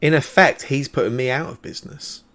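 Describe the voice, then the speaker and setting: A man voicing a weary, mercenary woman assassin in a tabletop game, talking in a deadpan, halting way. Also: mid-range voice, natural voice.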